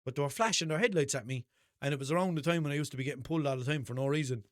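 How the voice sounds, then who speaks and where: A young Irish man with a Limerick accent hosts a podcast, telling casual stories in an animated, racing voice on the high side. He swears freely and acts out quoted back-and-forth exchanges, recorded in clean studio sound with no room echo.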